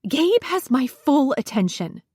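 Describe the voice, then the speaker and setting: A woman narrator voicing a grieving widowed mother who speaks in sharp, indignant bursts, in a dry, close recording. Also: high voice, sing-song, a little slow, dry recording, pitched above the performer's own voice. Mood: upset.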